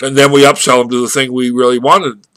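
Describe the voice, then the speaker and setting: A man's medium-pitched voice, level in tone and a bit bright, is captured dry on a webcam microphone. He casually rambles through a story, halting and restarting often, and ends up drawing a marketing lesson from it.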